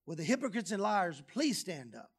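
A man preaching a sermon, lively and humorous, dropping low and soft on key phrases. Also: normal speed, breathy edge. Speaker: pastor. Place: church sanctuary.

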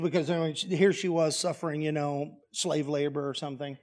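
High-voiced folksy preacher man. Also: moderate pace. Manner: folksy, plainspoken and humorous. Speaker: pastor. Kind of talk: storytelling sermon.

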